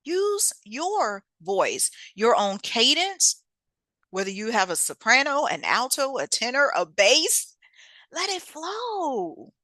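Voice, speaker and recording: A woman's voice: sing-song, slow, sharp tone, dry recording. A woman hosting a podcast, delivering an emphatic, folksy motivational monologue with frequent laughs and repeated key phrases. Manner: sudden swoops up in pitch for emphasis. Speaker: podcast host and author; singer and teacher.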